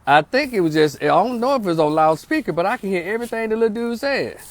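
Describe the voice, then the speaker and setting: A middle-aged man from North Memphis, Tennessee, with a high, animated voice talks fast in a clip with no room sound. A social worker, he tells a story in casual, slangy, streetwise language that turns into preaching, and he asks listeners to agree with him.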